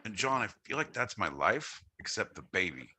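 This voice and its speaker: Brash, bright-voiced podcast host man. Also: fairly low pitch, sing-song, moderate pace, breathy edge. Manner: loud, rambling, profane joking. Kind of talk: casual live-stream banter.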